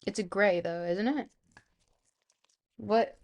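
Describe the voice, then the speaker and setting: A young woman from South Florida, streaming and chatting casually, with vocal fry and a slightly hoarse, sick voice, rambling with lots of fillers. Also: mid-range voice, steady tone, slow pace, a little mellow. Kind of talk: casual live-stream chat. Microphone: close streaming microphone.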